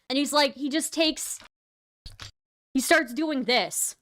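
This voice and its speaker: A woman's voice: high voice, takes it slowly, long pauses, a bit bright. A young woman streaming, reacting to clips in casual commentary, sarcastic and exasperated, swearing freely.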